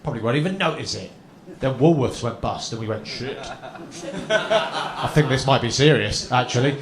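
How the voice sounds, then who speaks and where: Chatty comedian, echoey live venue. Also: male voice, mid-range voice, lively intonation, moderate pace. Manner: chatty, self-mocking, asks the crowd tag questions. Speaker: stand-up comedian guest. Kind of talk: stand-up routine on a chat show.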